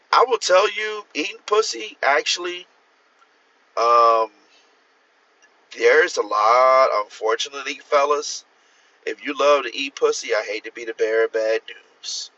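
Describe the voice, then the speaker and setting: A man's voice: medium pitch, pushed and bright, dull audio. A man hosting a casual livestream, rambling and profane, talking straight to his viewers and answering their comments. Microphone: phone.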